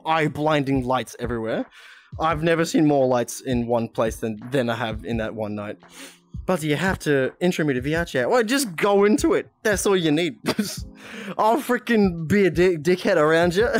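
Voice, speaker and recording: A young Australian man chatting casually on a live stream, laughing often and reading chat aloud. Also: fairly high pitch.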